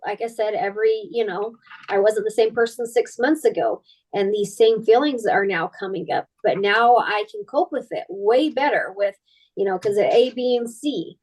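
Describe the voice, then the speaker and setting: A woman's voice: medium pitch, normal speed, a little mellow, rough recording. A woman talking as a podcast guest in candid personal conversation, rambling and earnest, full of "like" and "you know". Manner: earnest and emotionally open.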